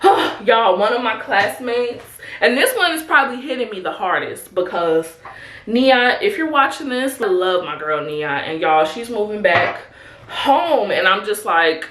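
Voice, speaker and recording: While getting ready, this twenty-something vlogger from Chicago, USA, talks openly and chattily to her audience, addressing them as "honey" and "y'all." She speaks at a mid pitch with a slightly bright tone in a clearly echoing room.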